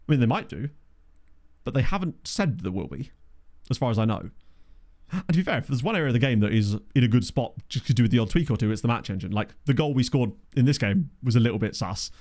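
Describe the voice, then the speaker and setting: A man's voice: medium pitch, darkish tone. A man casually commentating his football management game on stream, chatting with viewers and laughing often. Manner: chatty, reads chat aloud, laughs often.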